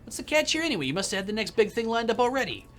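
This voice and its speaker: A man's voice: extremely high pitch, sing-song, racing, a bit bright, slight background noise, pitched above the performer's own voice, exaggerated voice. A man voicing a blunt, hot-tempered middle-aged male TV producer in a put-on New York accent. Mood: suspicious.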